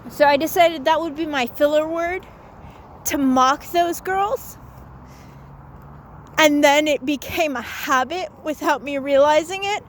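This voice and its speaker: A woman's voice: high voice, a little slow, slight background noise. A young woman vlogger telling a rambling casual story, saying "like" a lot and swearing casually.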